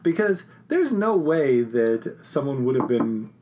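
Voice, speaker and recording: A man's voice: medium pitch, sing-song, a little mellow. A man in his fifties co-hosting a podcast, chatting casually and joking with a playful manner. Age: 50s. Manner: playful, joking, quick to laugh. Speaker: podcast co-host. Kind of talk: casual chat.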